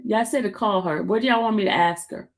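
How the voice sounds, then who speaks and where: A woman's voice: mid-range voice, fast. A woman hosting a casual live stream, teasing her chat and laughing often. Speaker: livestream host.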